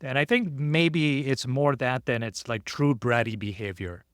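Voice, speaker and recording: A man's voice: mid-range voice, a little slow, clear, resonant tone, dry recording, clean studio sound. A man co-hosting a casual podcast. He reads out a listener's question and then speculates about it thoughtfully, hedging as he goes. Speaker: podcast co-host.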